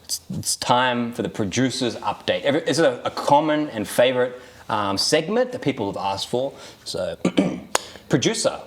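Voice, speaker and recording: A man's voice: medium pitch, sing-song, moderate pace, a little hiss or hum. A man co-hosting a podcast in casual banter who laughs often. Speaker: podcast co-host. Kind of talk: casual chat.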